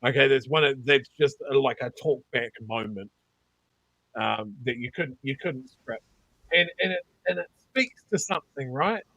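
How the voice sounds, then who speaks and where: A man's voice: medium pitch, normal speed, fairly bright tone, no room sound. A male podcast co-host, reflecting loosely and full of fillers.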